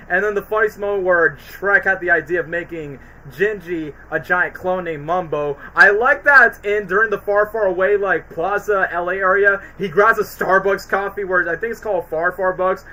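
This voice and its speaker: A man's voice: sits high, fairly quick, hardly any pauses, pushed and bright, low-quality recording. A young man hosting a casual livestream, rambling in slangy speech full of "like" and "bro". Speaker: streamer host.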